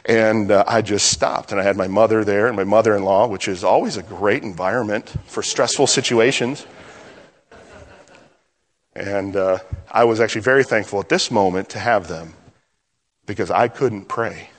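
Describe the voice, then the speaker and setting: Male pastor, middle-aged, conversational sermon delivery with lively and hushed turns; long hall reverb. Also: on the low side, moderate pace.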